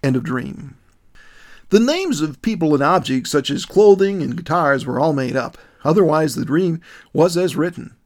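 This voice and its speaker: A man narrating a detailed dream account in a measured, descriptive reading. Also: a little high, expressive.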